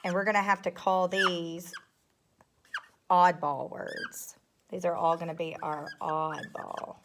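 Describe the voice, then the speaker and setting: A woman's voice: lowish voice, fairly even intonation, normal speed, noisy background. Female teacher, recorded grade-school lesson; patient, methodical, checks in often. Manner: patient, explains step by step, frequent "okay?" checks. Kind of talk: recorded classroom phonics lesson.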